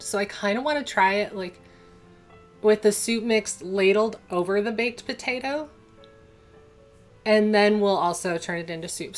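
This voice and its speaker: A young woman hosting a casual cooking livestream from her home kitchen, chatting and rambling as she answers viewers' chat. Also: mid-range voice. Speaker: livestream host.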